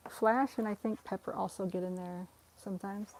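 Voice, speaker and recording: Casual young woman livestreaming her cats at home, chatty and laughy, mellow tone. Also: fairly even intonation, normal speed. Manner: giggly, chatty, talks to the cats in a high coaxing voice. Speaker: cat rescue livestreamer. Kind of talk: casual live-stream chat while cats play.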